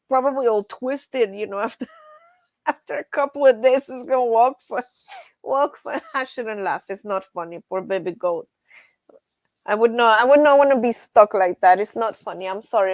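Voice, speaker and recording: A woman hosts a casual evening livestream, chatting freely and reading her viewers' comments aloud. Her voice sits a little high, and she tells stories animatedly with frequent laughter. The sound is close and dry. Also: no echo. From grew up on a ranch. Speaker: livestream host.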